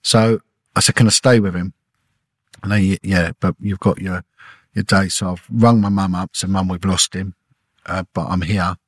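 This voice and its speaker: A middle-aged man, a former detective, telling an emotional personal story in a halting way, repeating words and acting out what people said. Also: deep voice, little pitch movement, husky, no echo. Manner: halting, repeats words, acts out quoted dialogue. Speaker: podcast guest, former police detective.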